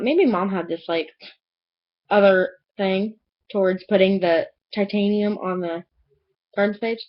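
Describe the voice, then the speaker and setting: A woman's voice: medium pitch, slightly rough, muffled recording. A young woman in a casual book review vlog, chattily retelling a plot with lots of "like". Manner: gushing, chatty retelling with many "like"s.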